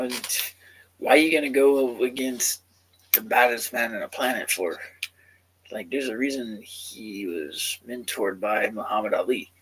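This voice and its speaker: A man's voice: medium pitch, a bit bright, poor audio. A man in his thirties with an ordinary mid-range voice, chatting loosely to his viewers. He rambles from one thought to the next and swears freely in a laid-back, offhand way. A faint hiss of noise sits under his voice. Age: 30s. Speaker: gaming vlogger. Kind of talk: casual rambling chat to camera.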